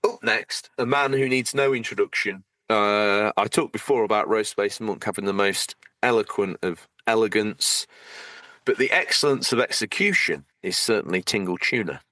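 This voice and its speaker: Male podcast co-host, bright lowish voice, dry sound; playful, teasing, digressive. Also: moderate pace, no room sound. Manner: playful, teasing, rambling with jokey asides. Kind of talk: casual banter, reading out supporter thanks.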